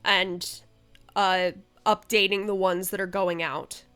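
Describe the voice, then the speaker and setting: A woman's voice: mid-range voice, fairly even intonation, takes it slowly, pushed and bright, smooth, soft background music. A woman running a tabletop game as game master, describing scenes in a rambling way with frequent fillers and restarts. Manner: rambling, hesitant, many fillers and self-corrections.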